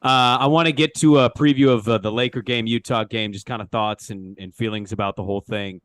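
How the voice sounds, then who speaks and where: A man's voice: fairly low pitch, steady tone, brisk, fairly bright tone, smooth, dry recording. A young man co-hosting a casual sports talk show, reacting briefly and reading out listener questions. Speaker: co-host.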